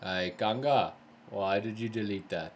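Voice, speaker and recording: A tired, yawning man speaks in a lowish voice, a little slowly, with a little hiss or hum, while hosting a live game stream. He reads chat aloud and chats easygoingly with viewers, asking plenty of careful, polite questions.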